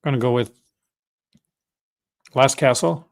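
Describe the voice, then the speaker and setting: A man's voice: mid-range voice, a little slow, creaky. A man hosting a casual livestream, rambling enthusiastically and often correcting himself mid-sentence. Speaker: host.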